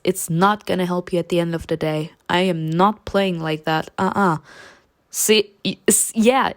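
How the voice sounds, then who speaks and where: A woman reading a story game aloud and talking back to it, animated and dryly sarcastic in her asides. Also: lowish voice.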